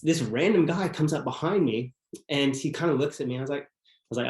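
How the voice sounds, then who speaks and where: A man's voice: fairly high pitch, fairly quick, darkish tone. A man as a podcast guest, telling a personal story in an earnest, reflective way. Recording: roomy echo.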